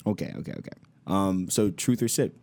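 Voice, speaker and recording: Low-voiced laughing podcast host. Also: male voice, fairly quick, mellow, no echo. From Orlando. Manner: laughs often, repeats himself when flustered. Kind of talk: casual podcast banter.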